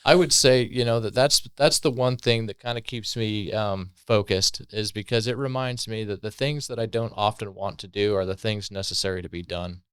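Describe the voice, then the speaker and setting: Earnest man with a low voice. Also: moderate pace, hardly any pauses, clear, resonant tone, no echo. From Colorado, USA. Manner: earnest, reflective storyteller with frequent fillers. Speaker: podcast guest. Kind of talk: personal recovery story, conversational.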